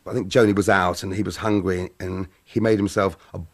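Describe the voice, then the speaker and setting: A man's voice: sits low, flat delivery, fairly quick. A man in an interview, casually telling a funny story from memory. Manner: chatty, storytelling. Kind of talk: anecdotal interview.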